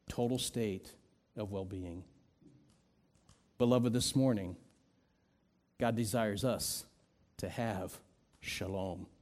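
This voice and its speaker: Slow, dynamic middle-aged preacher man. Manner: slow and dynamic, swinging from soft low drops to raised emphatic peaks; self-deprecating humor with light laughs. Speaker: pastor. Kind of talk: sermon.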